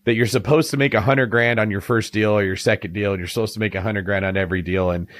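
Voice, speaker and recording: Low-voiced man co-hosting, dry close sound. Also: fairly even intonation, fast, a bit bright, dry recording. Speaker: podcast co-host. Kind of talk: casual podcast interview.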